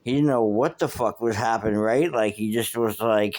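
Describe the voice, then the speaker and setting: A man's voice: on the low side, normal speed, a little mellow. A man hosting a podcast, telling a rambling street story with lots of swearing and fillers. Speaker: podcast host. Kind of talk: casual storytelling monologue.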